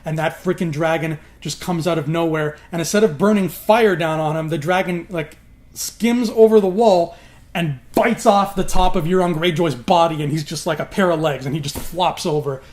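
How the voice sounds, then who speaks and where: A man casually retelling a TV plot to his viewers, animated and swearing freely as he goes. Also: a little high, normal speed. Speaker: YouTube host.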